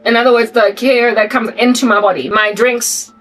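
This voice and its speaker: South African woman, high pitch, animated preachy vlog rant, slightly distant mic, faint music bed. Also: normal speed. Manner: animated, preachy, repeats rhetorical questions. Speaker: Christian vlogger. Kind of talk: ranting satirical monologue to camera.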